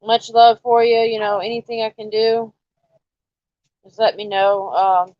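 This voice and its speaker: A fairly high-voiced woman with a drawl hosts a casual live stream, coaxing and teasing her viewers. The sound is dry and a bit muffled, as if from a basic mic. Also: flat delivery, unhurried, no echo. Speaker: livestream host.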